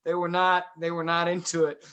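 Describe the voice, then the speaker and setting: A man's voice: a little high, completely flat delivery, brisk, sharp tone, muffled recording. A man comedian chatting casually, joking and laughing between lines. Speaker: guest comedian. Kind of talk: casual chat.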